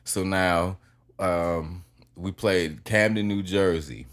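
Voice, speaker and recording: A man in his thirties with a very deep, low voice sits in as a podcast guest. He tells long, rambling stories in a loose, casual way, full of fillers and the occasional curse word. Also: fairly even intonation, slow pace. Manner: rambling anecdotes with fillers and profanity.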